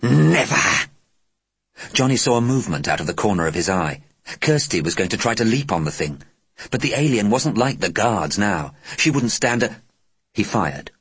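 A man narrating an audiobook with deliberate, expressive storytelling. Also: on the low side, slightly rough, no room sound.

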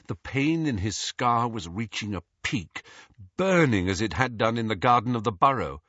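Brief: male audiobook narrator, expressive, lively pitch, dry close sound. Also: no echo. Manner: expressive, measured storytelling. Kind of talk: scripted narration. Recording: dull lo-fi audio.

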